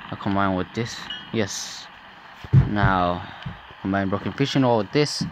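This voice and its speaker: A man's voice: deep voice, measured pace, background noise. A young man commenting casually on a game, hesitant and full of ums. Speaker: gameplay commentator. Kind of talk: let's play commentary.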